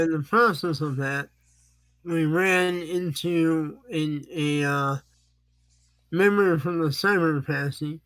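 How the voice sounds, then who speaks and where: Slow, halting man playing a tabletop game. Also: a little high, dry recording. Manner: hesitant, halting, lots of fillers. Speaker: player. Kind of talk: in-character tabletop role-play.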